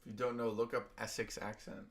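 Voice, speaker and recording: A man hosts a casual livestream, thinking aloud in an offhand way full of fillers. His voice sits at an ordinary male pitch with a noticeably gravelly, creaky texture. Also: little pitch movement, moderate pace, fairly bright tone. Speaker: stream host trading stocks.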